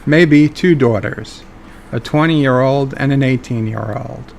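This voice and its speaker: A man's voice: medium pitch, slow pace, gravelly, a little mellow, a little hiss or hum. A man hosting a fan video, speculating casually and joking about his own weak impressions. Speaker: video host.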